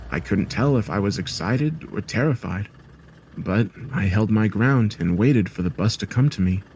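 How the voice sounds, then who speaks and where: A man with a low voice narrates a scary story in a calm, measured first-person telling. A faint hiss sits underneath the recording. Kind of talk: scripted horror story narration.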